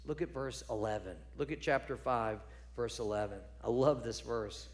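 A man preaching a sermon, building to loud emphatic peaks and dropping to quiet, low points. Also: normal speed, few pauses. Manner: drops to low quiet tones on key points.

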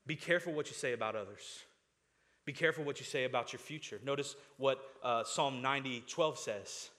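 A man's voice: medium pitch, fairly quick, pushed and bright. A man preaching a sermon as pastor, in a conversational way, asking the listeners rhetorical questions and often restarting his words.

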